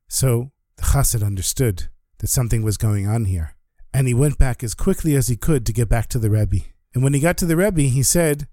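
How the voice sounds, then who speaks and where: A man's voice: mid-range voice, a little fast, warm tone, no echo. A male storyteller, dry close sound. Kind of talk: religious storytelling.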